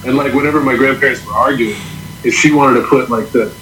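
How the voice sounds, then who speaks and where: A man who is a guest on a podcast, telling stories in casual chat with a relaxed, dryly humorous manner. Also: mid-range voice, quick pace, slight background noise, rough recording. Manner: relaxed storyteller, dry humor. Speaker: guest, comic book creator.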